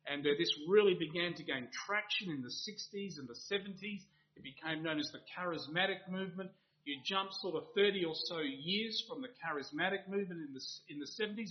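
A man's voice: a little high, brisk. A man preaching an evening sermon in an earnest manner, building to emphatic rhetorical questions. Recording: dull lo-fi recording.

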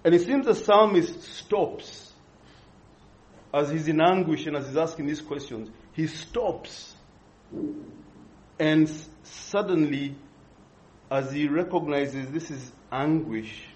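A man preaching an expository sermon, earnest and measured, pausing and restarting as he thinks. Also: on the high side, darkish tone. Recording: dull lo-fi recording.

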